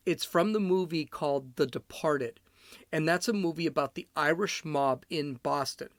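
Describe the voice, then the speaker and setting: A man's voice: a little high, normal speed, no echo, studio quality. Blunt rambling man hosting a podcast. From Chicago, USA. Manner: rambling, blunt and opinionated, self-interrupting. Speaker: podcast host. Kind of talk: solo podcast monologue.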